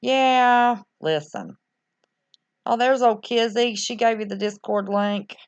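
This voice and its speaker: Taking her time, a woman with a fairly high, clean-toned voice hosts a casual stream and reacts aloud to comments from viewers, rambling along. The sound is somewhat dull and lo-fi.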